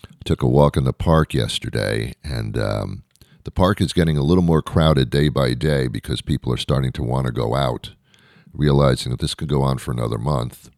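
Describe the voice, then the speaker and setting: A man's voice: very deep voice, normal speed, creaky, darkish tone, dry recording, studio quality. A man hosting his own podcast, rambling through a self-deprecating comic monologue full of fillers and restarts. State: out of breath. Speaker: podcast host.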